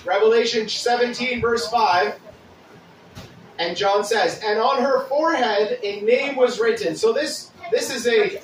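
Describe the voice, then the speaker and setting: A man preaching a sermon, reading scripture aloud with deliberate pauses and restarts. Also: very high-pitched, echoey room, recorded from a distance, slight background noise, low-quality recording. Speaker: pastor.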